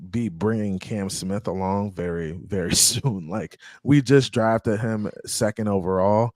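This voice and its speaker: A man's voice: on the low side, a little slow, darkish tone, no room sound. A man hosting a casual chat in an upbeat way, often repeating himself. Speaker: host.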